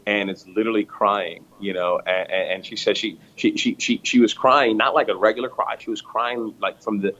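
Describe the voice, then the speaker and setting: Low-voiced earnest man pastor. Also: steady tone, moderate pace, hardly any pauses, fairly bright tone, dull audio. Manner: earnest, frequent restarts and repeated words. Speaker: pastor and church planter. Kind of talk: storytelling interview answers.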